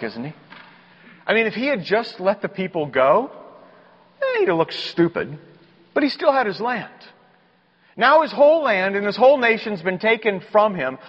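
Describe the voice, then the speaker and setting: Emphatic high-voiced male preacher in a reverberant hall. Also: muffled recording. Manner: emphatic, rising to loud exclamations. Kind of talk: sermon.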